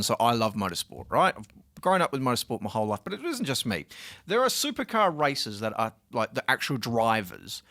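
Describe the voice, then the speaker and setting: A young Australian man co-hosts a casual radio chat, worked up and indignant as he makes his case. His pitch swings widely from phrase to phrase, and he laughs often between points. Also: fairly bright tone. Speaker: student radio co-host.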